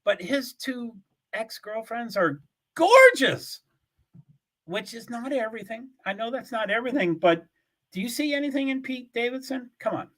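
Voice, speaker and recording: An older man hosts his own livestream and rambles along to his viewers in easy, casual chat. His voice sits high and bright, and it swoops up and down as he wanders between thoughts, chuckling often and filling gaps with "you know" and "anyway.". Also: expressive, normal speed. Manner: meandering, full of fillers, chuckling often. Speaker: livestream host. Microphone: streaming setup, from home.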